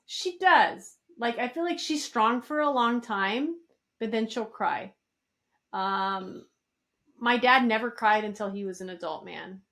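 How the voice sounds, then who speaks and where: A woman's voice: a little high, unhurried, a bit bright. A middle-aged woman co-hosting a podcast in casual chat, candid and swearing freely. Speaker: podcast co-host.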